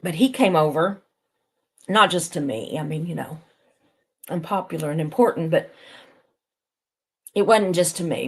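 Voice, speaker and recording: Woman, lowish voice, chatty livestream host who rambles and laughs easily. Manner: talks to viewers reading chat. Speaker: live stream host.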